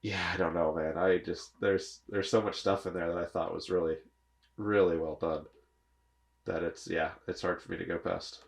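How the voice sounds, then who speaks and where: A man co-hosting a casual sports podcast, talking haltingly and trailing off mid-thought. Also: low voice, steady tone, gravelly. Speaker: podcast co-host.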